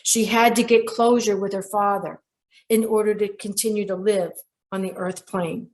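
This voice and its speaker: A middle-aged woman hosting a show about dreams, telling a client's story in a lively way and quoting people directly. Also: medium pitch, moderate pace. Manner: animated storyteller who quotes people directly. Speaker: radio show host and dream interpreter. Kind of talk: storytelling monologue.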